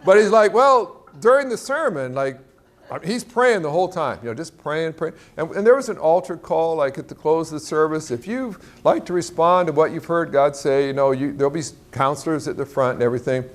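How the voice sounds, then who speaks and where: A man preaching to a large church crowd, telling a story with lively acted-out quotes and a lot of pitch jumps. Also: fairly quick. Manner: animated storyteller, acts out quotes in a higher voice. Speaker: guest speaker. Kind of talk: sermon storytelling. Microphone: clip-on mic.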